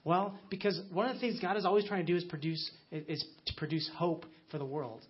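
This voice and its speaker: Man, pastor, sermon, conversational storytelling, husky high voice. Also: quick pace. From United States. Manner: conversational, story-telling with many restarts. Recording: muffled lo-fi sound.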